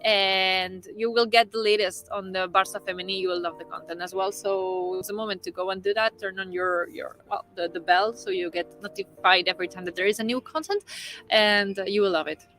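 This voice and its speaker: A woman's voice: mid-range voice, fairly even intonation, brisk, a bit bright. Woman, live-stream co-host, earnest, faint music behind. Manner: earnest, slips into Spanish phrases. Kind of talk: casual live-stream chat. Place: studio.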